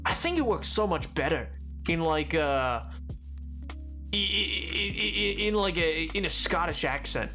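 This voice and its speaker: A game streamer rambles through a casual live-stream chat, full of restarts, fillers and repeated words. The pitch bounces around a lot as the voice moves, playful and loose. Music runs steadily behind the talk. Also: expressive, unhurried, pushed and bright.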